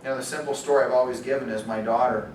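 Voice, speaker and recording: A middle-aged man leading a live real estate training, telling stories with lively acted-out quotes and frequent laughter. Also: very fast. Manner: animated storyteller, acts out quotes, laughs often. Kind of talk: live training talk to agents. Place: training room. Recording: roomy, distant, faint rumble.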